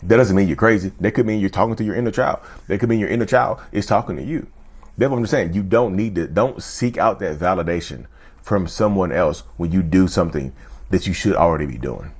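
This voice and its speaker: A man hosting his channel, talking earnestly to camera in casual chat, often repeating himself and jumping up in pitch for emphasis. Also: brisk, slightly rough. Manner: earnest, repetitive, keeps asking "you see what I'm saying"; jumps sharply up in pitch for emphasis. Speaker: YouTube channel host.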